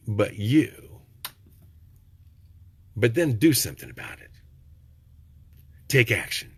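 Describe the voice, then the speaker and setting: An older man talks straight at the listener in a folksy, preachy monologue. His husky voice rises and falls a great deal, dropping low and soft and then jumping up loud. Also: sing-song, slow pace, long pauses, no room sound. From Texas. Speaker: vlogger. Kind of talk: rambling motivational monologue.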